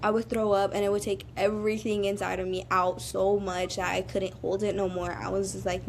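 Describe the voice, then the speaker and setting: A young woman on a podcast, telling her story in an animated way and laughing often. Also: mid-range voice, fairly quick, gravelly, few pauses, slight background noise. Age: young adult. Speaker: guest, cancer survivor. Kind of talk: casual podcast chat.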